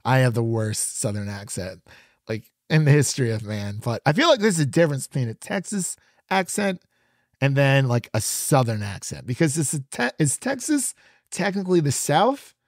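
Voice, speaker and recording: A man's voice: medium pitch, very animated, normal speed, no echo, clean studio sound. A man co-hosting a podcast, chatting casually and laughing often as he rambles through a review. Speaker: podcast co-host.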